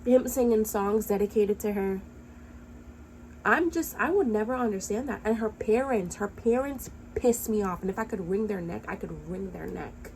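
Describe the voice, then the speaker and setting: Woman vlogger, impassioned and profane, mid-pitched, faint room hum behind. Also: moderate pace, hardly any pauses, mellow, poor audio. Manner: angry, impassioned ranting; blunt, profane. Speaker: commentary vlogger. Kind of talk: heated reaction commentary.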